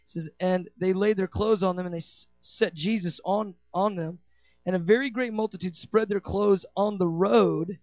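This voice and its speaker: High-pitched guy preaching, fast asides then slow loud shouty bits, dry close mic, faint music behind. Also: dry recording. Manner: swings from quick asides to slow, shouted declarations. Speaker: pastor. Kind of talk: sermon.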